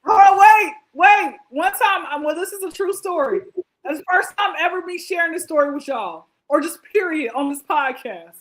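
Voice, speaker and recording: A woman hosting a casual podcast chat, animated and laughing often as she tells stories and asks questions. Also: high voice, normal speed, rough recording. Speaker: podcast host.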